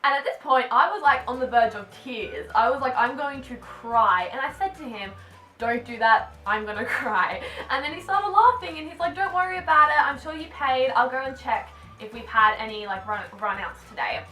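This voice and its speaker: A young Australian woman telling a storytime vlog in a chatty, animated way full of "like" fillers. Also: high-pitched, brisk, few pauses, reverberant, far from the mic, soft background music. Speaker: vlogger.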